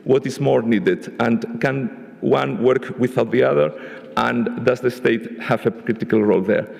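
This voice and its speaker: A man giving a measured spoken summary of a panel discussion at a conference, often restarting his phrases. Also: mid-range voice, gravelly, a little mellow. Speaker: panel rapporteur. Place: large conference hall. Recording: echoey conference hall.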